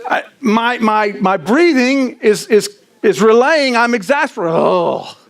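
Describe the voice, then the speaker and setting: A middle-aged man preaching a sermon in a church, animated and self-deprecating, often tossing in "right?" to the congregation. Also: very high voice, unhurried, creaky. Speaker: pastor. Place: church sanctuary.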